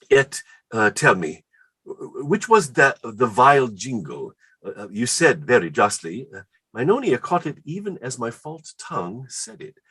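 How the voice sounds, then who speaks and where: A man reading the part of an excitable, word-smitten Elizabethan poet in a staged play reading, rhapsodic and quick to laugh. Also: fairly low pitch, breathy edge, heavily acted.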